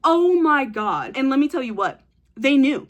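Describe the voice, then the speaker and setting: A young woman talking straight to camera in a casual, unfiltered way. Her voice sits a little higher than most, and she is blunt, teasing and quick to swear. She tells her stories with animated, dramatic flair. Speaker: vlogger. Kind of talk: casual advice chat to camera.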